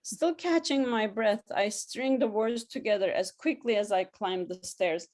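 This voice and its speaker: A woman reading her own first-person memoir story aloud, lively and wry, laughing now and then. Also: mid-range voice, a little slow. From abroad, newly arrived student in the story.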